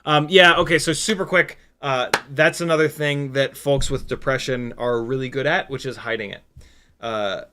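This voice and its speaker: A man's voice: mid-range voice, moderate pace, sharp tone, slight background noise. Man, 40s or older, livestream host, sleep deprived, casual rambling chat, reads comments aloud, candid, lots of fillers. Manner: rambling and candid, with frequent fillers and self-mocking asides. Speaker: FPV drone livestream host.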